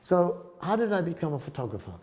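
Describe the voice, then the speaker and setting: An older man from South Africa, a photographer telling stories as a podcast guest, lively and often laughing. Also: a little high, fast. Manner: animated, acts out other people's voices, laughs often. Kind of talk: storytelling podcast interview.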